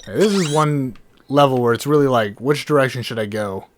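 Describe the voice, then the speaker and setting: A man giving rambling, excitable gameplay commentary as the host of a let's play, often cutting himself off mid-thought and swearing casually. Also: medium pitch, a little fast, slight background noise. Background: game music and sound effects.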